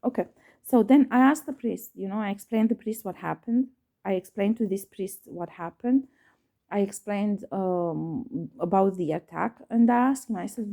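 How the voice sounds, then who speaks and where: A woman recounting a personal story to her viewers in a low, gravelly voice with a dark, mellow tone. She hesitates often, restarts her sentences and fills pauses with ums. She leans hard on repetition and lets a curse slip when upset. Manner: emphatic, repeats herself. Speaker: vlogger.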